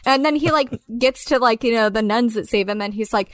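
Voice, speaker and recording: A woman co-hosting a casual film podcast, animated and quick to swear and laugh. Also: fairly high pitch, no echo. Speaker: podcast co-host.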